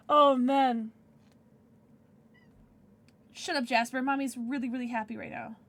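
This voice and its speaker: A woman's voice: high-pitched, takes it slowly, long pauses, fairly bright tone. A young woman livestreaming, chatting casually with her viewers, giddy and emotional, often squealing and laughing.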